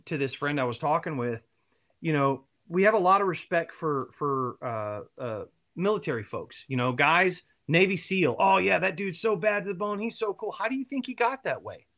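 A man guest telling long, animated stories and laughing at his own jokes. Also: a little high. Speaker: guest, band member. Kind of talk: storytelling interview answer.

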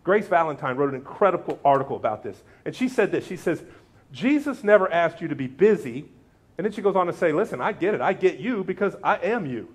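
A man's voice: fast talker, few pauses, breathy edge. A man preaching a sermon as pastor, acting out quotes with big jumps in his voice. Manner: animated, acts out quotes with big pitch jumps.

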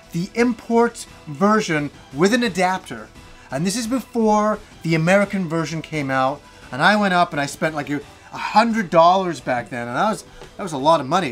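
High-voiced man telling a story, music behind. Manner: animated, swearing, self-mocking. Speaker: gaming channel host. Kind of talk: casual storytelling monologue.

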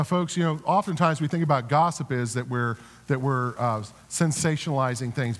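A man preaching a sermon as a pastor, earnest, with repeated restarts, building to emphatic exhortations. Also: mid-range voice. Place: church sanctuary. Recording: reverberant church sanctuary.

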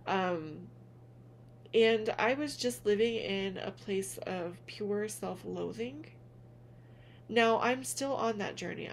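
A woman speaking gently and earnestly to her viewers in a heartfelt vlog, calling them honey as she encourages them. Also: mid-range voice, creaky, slight background noise. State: tearful at moments. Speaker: spiritual vlogger, reader. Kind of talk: heartfelt direct-to-camera vlog.

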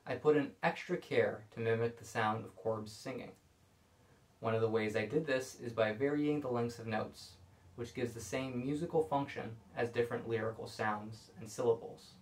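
A man calmly explaining violin bowing technique in a scripted video lesson. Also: medium pitch. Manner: calm, explanatory. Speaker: violin teacher. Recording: echoey room.

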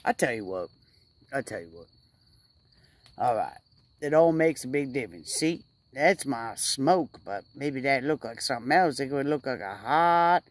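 A woman's voice: rumbling low, animated, moderate pace, no echo. A woman rambling casually to her camera outdoors by a fire, stretching out her words for emphasis. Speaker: vlogger.

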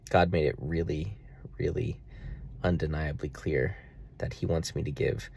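A man's voice: rumbling low, fairly even intonation, measured pace, gravelly, a little mellow, slight background noise. A young man talking earnestly and at length in a personal video diary about faith and money. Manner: earnest, rambling, faith-filled reflection. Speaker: vlogger.

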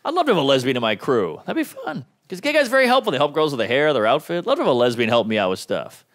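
A man in his thirties doing a stand-up comedy set, delivering deadpan one-liners and quick acted-out quotes. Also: mid-range voice. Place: comedy club stage. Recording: live club recording with crowd noise. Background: audience laughing.

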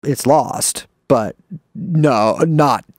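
A young man co-hosting a podcast, rambling and swearing, often cutting himself off, with big jumps in pitch. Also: extremely slow, no echo, studio quality. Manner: rambling, swearing, self-interrupting with wide pitch swings. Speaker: podcast co-host. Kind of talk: casual podcast chat.

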